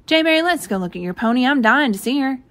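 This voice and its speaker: A woman voicing a sweet, eager little girl in a read-aloud storybook, bright and pleading. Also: a little high, a little fast, gravelly. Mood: delighted.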